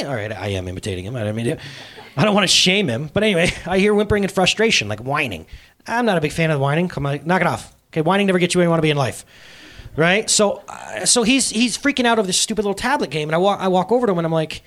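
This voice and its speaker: Delivering a sermon, a pastor in his thirties recounts a story with casual animation. He talks in rapid-fire fashion at a fairly high pitch.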